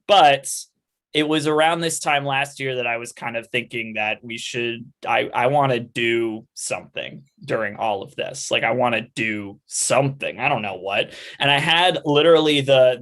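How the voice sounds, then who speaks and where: A man hosting an online livestream, thanking the cast in a rambling, casual way over a video call. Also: medium pitch. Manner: rambling, with fillers and restarts, warm thanks. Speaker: host and organizer of online live readings. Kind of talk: casual wrap-up chat on a livestream.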